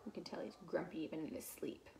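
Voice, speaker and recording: A woman teacher reading a picture book aloud for children's story time, slow and expressive with gentle asides. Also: on the low side, gravelly, background noise.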